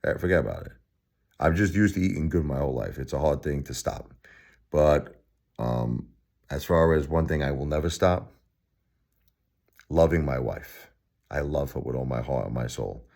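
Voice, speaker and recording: A man's voice: extremely low pitch, expressive, normal speed, vocal fry, long pauses, darkish tone. A man in his forties from Brooklyn with a Brooklyn accent, talking bluntly and from the heart in a late-night vlog, repeating phrases and laughing wryly. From Brooklyn, New York. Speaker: vlogger.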